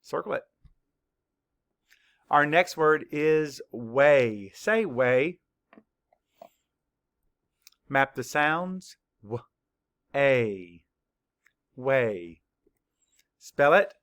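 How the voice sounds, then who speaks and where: A man teaching a children's spelling lesson, spelling words slowly, letter by letter, with clear, patient instructions. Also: on the high side, lively intonation, fairly bright tone. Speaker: third-grade teacher.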